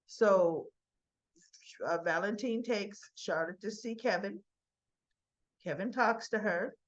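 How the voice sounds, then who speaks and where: A woman chattily retelling a soap opera episode, animated, with frequent asides. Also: mid-range voice, dull audio. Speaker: soap opera recap vlogger. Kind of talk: casual recap of a TV episode.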